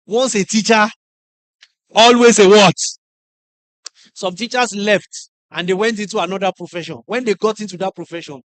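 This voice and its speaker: A middle-aged man with a Nigerian English accent giving a lively motivational talk to teachers, acting out classroom stories and putting questions to the audience. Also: high-pitched, brisk, hardly any pauses, no echo. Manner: animated storyteller, acts out classroom scenes, asks the audience questions. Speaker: conference speaker.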